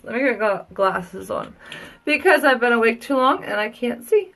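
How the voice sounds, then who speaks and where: A woman's voice: on the high side, expressive, normal speed, vocal fry, noisy background. A woman and mother chatting casually at home in a live beauty product review, rambling and gushing. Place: at home, children heard downstairs.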